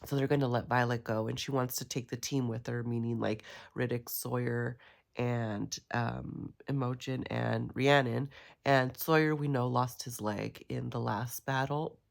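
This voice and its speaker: Low, gravelly-voiced woman vlogging. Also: unhurried. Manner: rambling, excitable, many fillers. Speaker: book vlogger. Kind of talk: casual reading vlog chat.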